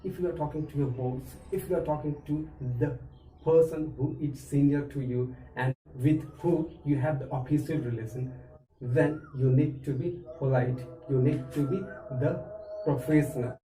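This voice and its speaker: A man teaching an English lesson, explaining phrases and repeating them slowly for learners. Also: a little high, fairly even intonation, warm tone, a little hiss or hum. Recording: echoey room, mic far off.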